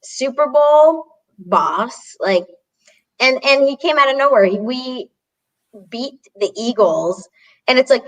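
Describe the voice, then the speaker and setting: A woman co-hosting a casual sports chat, blunt and fast, swearing freely. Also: high voice, lively intonation, poor audio. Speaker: podcast co-host.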